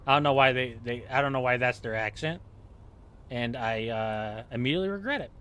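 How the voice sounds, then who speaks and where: A man's voice: medium pitch, a little fast, fairly bright tone, smooth. A man streaming a game, chatting casually in a rambling, self-mocking, joking way. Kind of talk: casual chat while playing.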